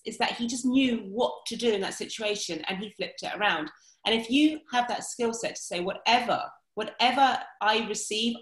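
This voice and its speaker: A woman's voice: medium pitch, fairly bright tone, roomy sound, rough recording. A woman working as a dating coach, talking animatedly in a casual podcast conversation.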